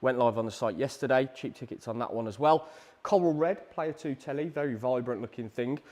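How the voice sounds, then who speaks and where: A British man hosting a live prize draw stream, chatty and energetic, with a salesy push and frequent ums. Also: medium pitch, a little fast. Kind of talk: upbeat live-stream announcements.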